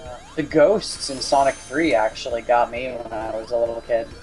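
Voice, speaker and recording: A man's voice: mid-range voice, moderate pace, darkish tone. A young man joins the commentary over a voice call, chatty and easy to laugh, spinning out long explanations. Faint game music plays beneath his voice. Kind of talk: casual gaming commentary.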